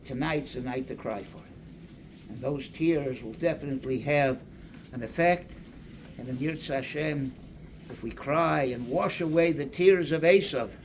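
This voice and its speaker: An older man, a rabbi delivering a slow, deliberate sermon that mixes Hebrew and Aramaic quotations into English. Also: medium pitch, slight background noise.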